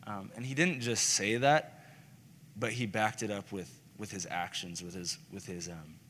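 A man's voice: lowish voice, normal speed, a bit bright. A young man giving an earnest, casual and heartfelt personal testimony sermon. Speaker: speaker sharing his testimony. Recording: reverberant hall with faint noise.

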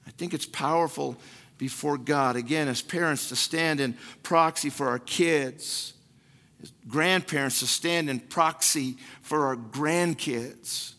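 A man's voice: on the high side, unhurried, bright, forceful tone. A man preaching a sermon as pastor. He speaks emphatically, repeats key phrases, and acts out prayers and other people's words. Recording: long hall reverb.

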